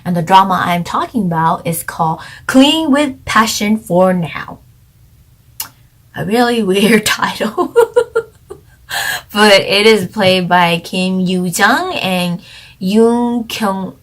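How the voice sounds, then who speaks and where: A woman's voice: mid-range voice, takes it slowly, low-quality recording. A woman chatting casually as a drama review vlogger, rambling with many fillers. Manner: rambling, filler-heavy, giggly. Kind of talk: casual chat.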